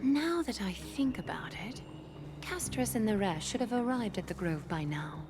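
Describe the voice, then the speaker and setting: An actress voicing a calm, composed noble woman leader in a video game, speaking in a hushed, measured way. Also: medium pitch. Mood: thoughtful. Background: game music.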